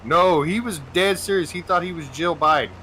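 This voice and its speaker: Gaming streamer, male, high and bright, animated storyteller who swears and laughs a lot. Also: normal speed, slight background noise, rough recording. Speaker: gaming channel host. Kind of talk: casual chat while gaming.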